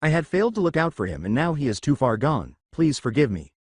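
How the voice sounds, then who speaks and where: A man reading the lines of a laid-back adult male ninja teacher in a fan story, calm and measured. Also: fairly high pitch, slightly rough, dry recording, clean studio sound.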